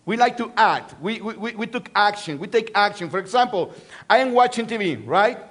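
A man's voice: high-pitched, lively intonation, fairly quick, a bit bright. A middle-aged man with a Mexican accent, a Spanish native speaker, preaching a sermon to a church and joking with the congregation. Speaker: guest preacher.

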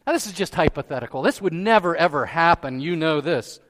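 A man preaching a sermon as pastor, asking rhetorical questions and rising to loud emphasis. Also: a little high, animated, brisk, long reverb tail. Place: church sanctuary.

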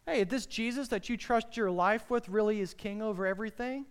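A preacher voicing Death as a scornful figure that taunts believers in low, sneering tones. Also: male voice, brisk, smooth.

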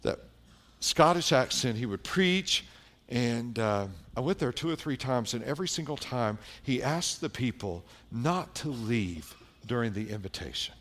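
Animated and a little slow, a middle-aged pastor from South Carolina speaks at medium pitch while telling sermon stories. He adds wry remarks and lowers his voice for emphasis.

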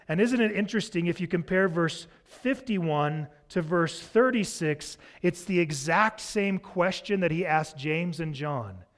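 Male pastor, expository sermon, casual delivery, slightly higher pitch. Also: lively intonation, a little slow. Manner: conversational, expository preaching.

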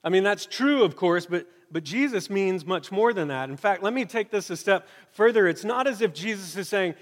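Conversational pastor preaching in a reverberant hall. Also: male voice, high voice, expressive, moderate pace, hardly any pauses. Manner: conversational, emphatic, with wry asides. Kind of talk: sermon. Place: church hall before a congregation.

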